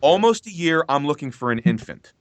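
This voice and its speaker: A male voice actor as a podcast guest, telling animated stories and swearing freely. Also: fairly high pitch, a little fast. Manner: animated storyteller, swears freely, acts out his own reactions. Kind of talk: casual podcast interview.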